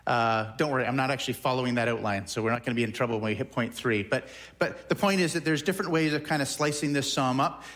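A man's voice: quick pace, a bit bright. Conversational man preaching a sermon. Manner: conversational preaching, repeats words, varies pace and pitch. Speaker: pastor.

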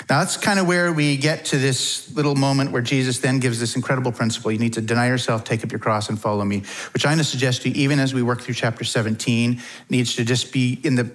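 A middle-aged man preaching a sermon to his church in a relaxed, conversational way, with frequent fillers. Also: medium pitch, fast talker, low-quality recording. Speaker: pastor.

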